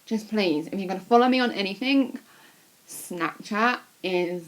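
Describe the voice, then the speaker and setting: A woman's voice: medium pitch, unhurried. A young woman, chatting to camera in a rambling, casual way with lots of fillers, a bit sick with a cold. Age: young adult. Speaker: vlogger.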